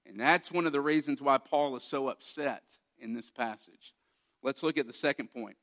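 A man's voice: mid-range voice, normal speed, fairly bright tone. A man preaching a sermon as pastor, emphatic and direct, guiding listeners through a passage and posing rhetorical questions.

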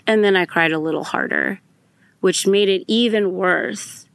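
A woman's voice: mid-range voice, measured pace, creaky, fairly bright tone, no echo. A young adult woman hosting a podcast, telling a personal story in a candid, emotional way and swearing freely. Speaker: podcast host.

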